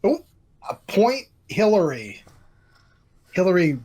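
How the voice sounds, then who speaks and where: A woman co-hosting a casual podcast and running its trivia round, animated and joking. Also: lowish voice, slow, slight background noise. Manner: animated and joking, reacting with laughs. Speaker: podcast co-host and trivia quizmaster. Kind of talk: casual chat.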